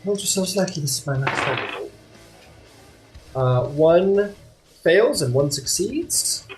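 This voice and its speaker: A man narrating as game master of a tabletop game, chatty and quick to apologize. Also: fairly high pitch. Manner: lively, chatty, apologetic asides. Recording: faint guitar music behind.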